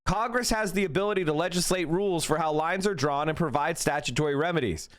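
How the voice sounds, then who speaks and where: A male political streamer speaks bluntly and combatively, answering his chat as he goes. His voice sits fairly high. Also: quick pace. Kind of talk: live stream commentary.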